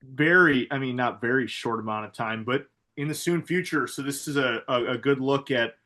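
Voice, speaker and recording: A man co-hosting a sports betting podcast, talking casually with halting restarts. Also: mid-range voice, sharp tone. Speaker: podcast co-host.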